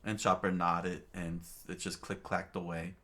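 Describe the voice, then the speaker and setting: A man narrating a manga aloud, halting and restarting often. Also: sits low, flat delivery, sharp tone. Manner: halting, many fillers and restarts. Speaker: reader, narrator. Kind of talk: unscripted manga read-aloud.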